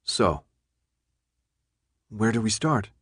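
A man's voice: on the low side, big pitch swings, very slow, fairly bright tone, breathy edge, dry recording, studio quality, full character voice. A man reading an audiobook, voicing a young woman who pleads her case insistently. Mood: pleading.

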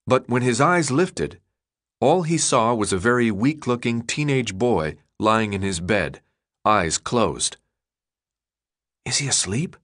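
A man narrating an audiobook in a measured, expressive storytelling voice. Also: mid-range voice. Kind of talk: scripted narration.

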